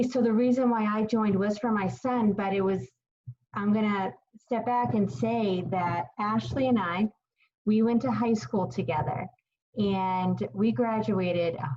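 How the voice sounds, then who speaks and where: A woman's voice: mid-range voice, a little mellow. A woman in her late thirties hosting a casual chat, earnest and emotional, close to tears. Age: late 30s. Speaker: host. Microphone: video call. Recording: slightly muffled video call.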